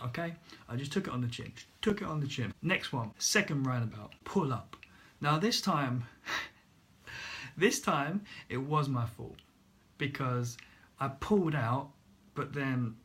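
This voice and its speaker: A young man casually telling a story to his vlog, animated, laughing at himself and acting out the voices of others. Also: medium pitch, a little slow, long pauses. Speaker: vlogger.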